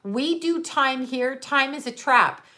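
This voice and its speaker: This middle-aged psychic medium has a high-pitched, sharp voice with lively intonation and a slow pace. In her relaxed livestream conversation with viewers, she's open and candid, frequently swearing and breaking into laughter.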